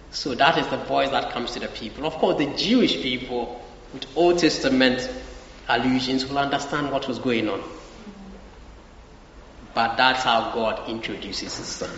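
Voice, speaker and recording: A man's voice: medium pitch, moderate pace, fairly bright tone. A man preaching a sermon with emphasis, repeating his key phrases and asking the congregation for agreement. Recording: echoey hall, dull lo-fi sound.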